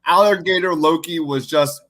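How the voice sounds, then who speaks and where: A man's voice: a little high, moderate pace, a bit bright. A man co-hosting a podcast in casual chat, enthusiastic and full of filler words. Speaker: podcast co-host.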